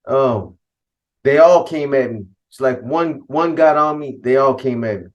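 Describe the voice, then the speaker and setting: A middle-aged man from California tells a story from his past in loose, profane street slang. He acts out the other people's lines as he goes, and his voice sits in an ordinary middle pitch. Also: unhurried, dull audio. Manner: street slang, cursing, quotes others in dialogue. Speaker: host telling a personal story. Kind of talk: casual storytelling.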